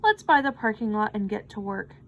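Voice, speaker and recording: Woman voicing a brisk, helpful librarian. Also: medium pitch, animated, fairly bright tone, a little hiss or hum. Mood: scheming.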